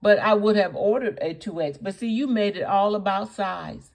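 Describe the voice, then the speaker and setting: A woman's voice: mid-range voice, normal speed, creaky. A woman hosting a reaction video, scolding indignantly, piling up rhetorical questions and repeating her points for emphasis. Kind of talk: reaction commentary.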